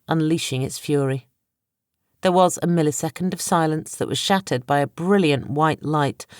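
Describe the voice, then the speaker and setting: A woman narrating an audiobook in a dramatic, measured storytelling manner. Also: low voice, no room sound, studio quality. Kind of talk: scripted narration.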